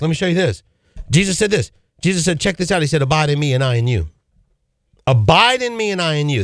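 A man's voice: on the high side, dry recording, clean studio sound. A man hosting a Christian call-in radio show, preaching fervently and emphatically, often repeating his key phrases. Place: radio studio.

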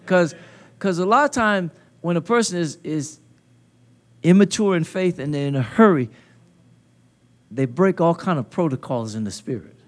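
A man preaching a sermon at a conference into a handheld mic, building to loud emphatic call-and-response peaks with folksy, colloquial phrasing. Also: on the high side, lively intonation, normal speed, pauses often. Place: conference hall.

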